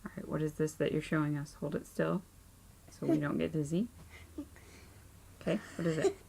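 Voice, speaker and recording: A woman in her thirties hosting a knitting podcast at home, chatting casually with lots of ums, tired and low-key. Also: fairly even intonation, brisk, vocal fry, mellow, breathy edge. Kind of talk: casual chat. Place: home craft room and playroom.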